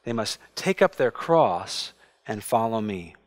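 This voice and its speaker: A man in his thirties preaching from the pulpit of a church. He tells stories about his family with animated swings in his voice, acting out the other people's lines. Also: lowish voice, slow. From United States. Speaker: pastor. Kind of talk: sermon. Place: church sanctuary.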